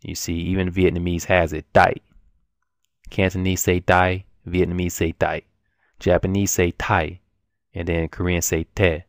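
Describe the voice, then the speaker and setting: A man's voice: sits low, flat delivery, moderate pace, dry recording, clean studio sound. A man giving a casual, rambling language lesson at his computer, full of restarts and fillers. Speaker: language teacher.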